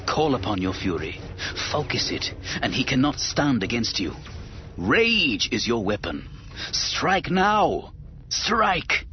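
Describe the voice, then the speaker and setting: A man's voice: mid-range voice, very animated, slow pace, highs cut off. A man voicing a scheming elderly male Sith master who urges and commands with rising intensity. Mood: urging. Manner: commanding, urgent.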